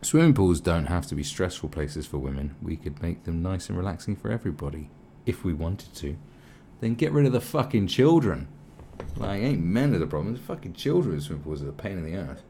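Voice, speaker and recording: Sarcastic guy ranting, swears a lot, voice jumps all over the place, bit of fry. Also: sits low, animated, brisk, mellow, slight background noise. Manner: sarcastic, sweary, repeats mocking questions. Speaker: video commentator. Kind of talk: ranting commentary.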